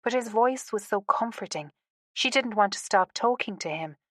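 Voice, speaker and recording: In this scripted narration, a female narrator voices a romance audiobook, measured and expressive as she tells the story. She has a mid-range voice, recorded cleanly in a studio without any room sound.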